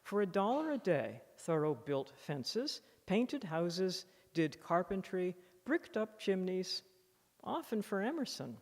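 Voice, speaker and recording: A woman author giving a public lecture, reading from her book with expressive, animated emphasis at a podium microphone. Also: lowish voice, slow pace. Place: lecture hall in a library museum. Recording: long reverb of a lecture hall.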